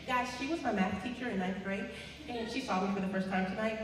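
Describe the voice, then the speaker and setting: A woman's voice: on the high side, brisk. A woman hosting a live storytelling event. She trades playful banter as she brings the next people to the stage. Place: large hall at a live event. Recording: echoey hall from far off, with crowd noise.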